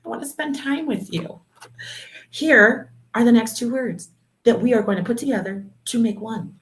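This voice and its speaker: A woman teaching a video lesson to young children, speaking in a slow, encouraging, sing-song way and calling them her dears and superstars. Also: a little high. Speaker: kindergarten teacher.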